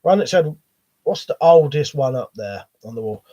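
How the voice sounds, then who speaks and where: A man's voice: medium pitch, lively intonation, normal speed, mellow. A man with a cold, coughing as he hosts a live stream, reading viewer chat in a rambling, sweary, hesitant way. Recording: dull lo-fi stream audio.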